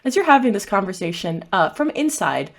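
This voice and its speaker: A woman's voice: medium pitch, big pitch swings, a little fast, creaky. A woman narrating a tabletop game as game master, casual with many fillers.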